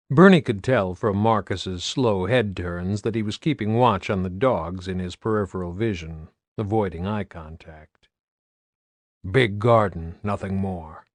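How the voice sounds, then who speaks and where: A man reading an audiobook as narrator with an even, steady delivery. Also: on the low side, no echo, clean studio sound. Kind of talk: scripted narration.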